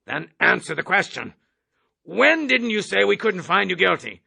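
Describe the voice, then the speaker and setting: A man's voice: high-pitched, sing-song, normal speed, vocal fry, sharp tone, husky, full character voice. A man voicing a blustering, bullying army major who barks and sneers through an interrogation.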